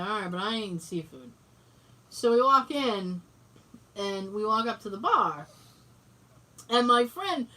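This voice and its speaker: A woman's voice: a little high, bright, forceful tone. A woman co-hosting a podcast, telling a story in casual chat, acting out quoted dialogue and swearing freely. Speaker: podcast co-host. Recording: voice distant from the mic.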